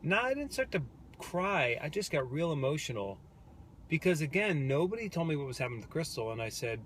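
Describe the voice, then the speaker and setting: A man's voice: on the high side, big pitch swings, a little fast, slight background noise. A man in a car telling his baby's birth story as a casual vlog co-host, earnest and reflective, with many restarts. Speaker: vlog co-host, new father. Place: parked car.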